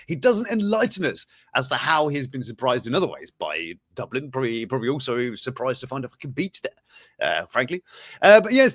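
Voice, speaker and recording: A man's voice: mid-range voice, a bit bright, no echo, clean studio sound. A man hosting a casual live-stream news chat, rambling and cheeky, full of fillers and self-mocking asides.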